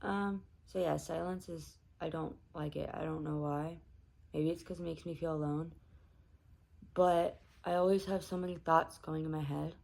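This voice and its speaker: In a rough recording, a woman with a low, creaky, slightly mellow voice talks at normal speed with fairly even intonation. She's a vlogger chatting to the camera before bed, rambling candidly and talking to herself with lots of fillers.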